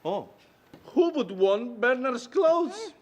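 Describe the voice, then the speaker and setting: A cocky, playful young Argentinian, pitched high and slowly. Light music plays under him. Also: male voice, very animated, a little mellow, full character voice. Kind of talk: scripted sitcom acting for learners.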